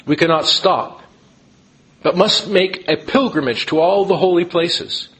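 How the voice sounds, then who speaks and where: A man voicing a restless old male ghost, speaking slowly and solemnly as the figure in a retold story. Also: high-pitched, fairly bright tone, voice pushed up, rough recording.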